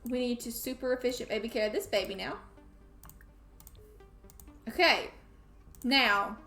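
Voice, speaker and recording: A woman's voice: fairly high pitch, measured pace, sharp tone, echoey room, faint music behind. A woman playing a life simulation game, chatting playfully and scolding her characters. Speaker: gamer streaming a life sim. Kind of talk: casual let's play commentary.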